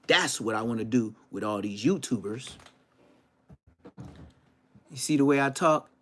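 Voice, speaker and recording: A man hosting his podcast in a loud, rambling, profane rant. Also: medium pitch, expressive, unhurried, pauses often. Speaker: podcast host. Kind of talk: casual ranting podcast monologue.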